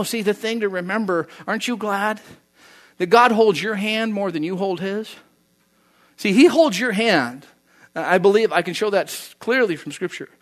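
A man preaching a sermon, animated, acting out quoted voices and swinging from loud to soft. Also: high-pitched. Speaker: pastor.

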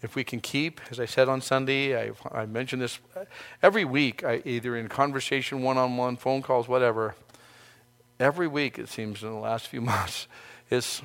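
A man's voice: medium pitch, steady tone, normal speed, a bit bright. A male pastor giving a sermon, speaking earnestly in a conversational way and often restarting his phrases.

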